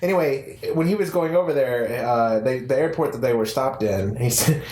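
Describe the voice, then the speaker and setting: A man's voice: mid-range voice, normal speed. A man co-hosting a podcast, telling rambling stories in casual chat. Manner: rambling animated storyteller. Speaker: podcast co-host. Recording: roomy echo.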